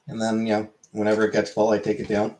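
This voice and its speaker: A man chatting casually with his chat as a streamer, rambling, correcting himself and trailing off into quiet asides. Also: fairly low pitch, monotone, quick pace, a little hiss or hum.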